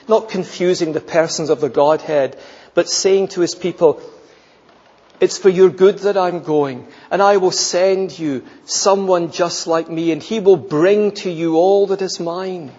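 A man preaching a sermon, emphatic and repeating phrases, often dropping to a soft, intense tone. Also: sits high, a little slow, in a large hall, dull audio.

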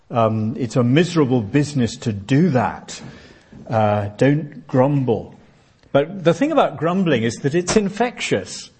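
A man's voice: medium pitch, a little mellow, breathy edge. A man preaching a conversational sermon, explaining scripture and acting out little everyday conversations. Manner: conversational, plain-spoken, acts out little everyday dialogues. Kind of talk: expository sermon.

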